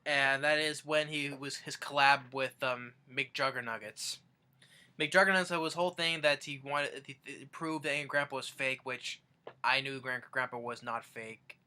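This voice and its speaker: Rambling young man with a bright voice. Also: medium pitch, fairly even intonation, normal speed, clean tone. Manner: rambling, restarts sentences often. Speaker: fan vlogger. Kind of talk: casual countdown retelling.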